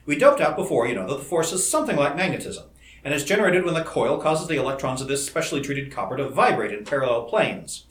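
A man reading the part of an eager, excitable young scientist in an audiobook, in a roomy-sounding recording. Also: fairly high pitch. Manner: eager, rapid enthusiasm. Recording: roomy echo.

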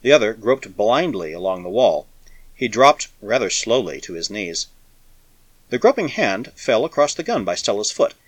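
A man narrating a science fiction story with a dramatic, expressive reading. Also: lowish voice, moderate pace, dry recording. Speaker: audiobook narrator.

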